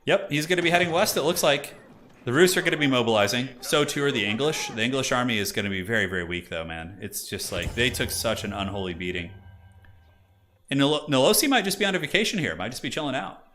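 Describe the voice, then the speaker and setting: A man rambles through casual commentary on a strategy game during his live stream, animated and leaning heavily on "like." His mid-range voice moves at a quick pace over soft background music.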